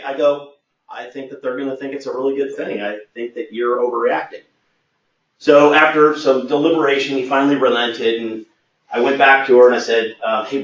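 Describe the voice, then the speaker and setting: A man's voice: mid-range voice, fairly bright tone. A man as a sales trainer, telling a workplace anecdote in a training webinar and acting out the quoted dialogue. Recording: echoey, distant, muffled.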